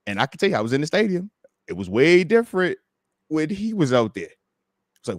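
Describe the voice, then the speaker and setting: A man's voice: fairly high pitch, sing-song, fairly quick, pauses often, no room sound, clean studio sound. A man, a former pro football player, talking football with passion on a live podcast and acting out voices of players and fans. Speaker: former NFL player and guest analyst.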